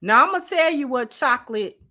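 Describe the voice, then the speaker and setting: A middle-aged woman, hosting a casual livestream and talking straight to her viewers in an animated, drawling way. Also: high voice, moderate pace. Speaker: channel host.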